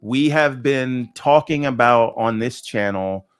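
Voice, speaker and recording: A man's voice: mid-range voice, slow, clean tone. A man co-hosting a gaming podcast, talking animatedly, tagging "right?" onto his points. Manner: animated, says "right?" often, acts out quoted voices. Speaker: podcast co-host. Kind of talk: casual podcast debate.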